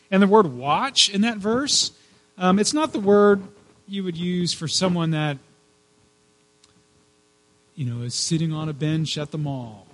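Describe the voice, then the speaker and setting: A man's voice: on the high side, low-quality recording. A male pastor giving a sermon in a conversational way, with frequent fillers and repeated words.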